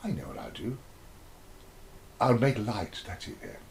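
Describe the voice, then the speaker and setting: A man's voice: lowish voice, big pitch swings, measured pace, creaky, slight background noise, heavily acted. A man voicing God as a chatty old deity who talks to himself and is easily impressed. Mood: musing. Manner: muttering to himself, then crying out.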